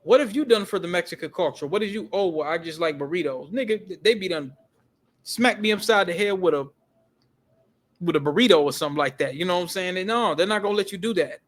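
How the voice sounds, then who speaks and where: A man vlogging in animated, casual storytelling style, emphatic and slangy, often repeating himself and swearing. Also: high-pitched, fast. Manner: emphatic, profane, repetitive, slangy.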